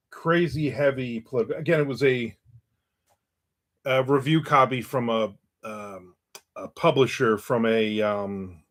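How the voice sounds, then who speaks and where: A man hosting his own stream in a casual, talkative way. His pitch sits in an ordinary middle range, and he drifts through a long anecdote full of asides. He also reads viewer comments aloud and reacts to them loosely. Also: a bit bright. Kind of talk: casual chat and storytelling.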